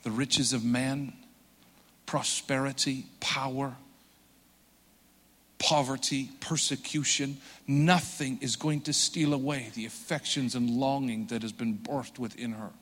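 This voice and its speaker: A man preaching a sermon, moving between hushed, intimate passages and rising, fervent emphasis. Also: mid-range voice, fairly even intonation, measured pace. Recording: long hall reverb.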